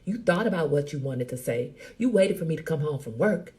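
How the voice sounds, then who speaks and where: A middle-aged woman hosting a casual live chat, teasing and animated, talking straight to her viewers by name. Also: deep voice, fairly quick. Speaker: host.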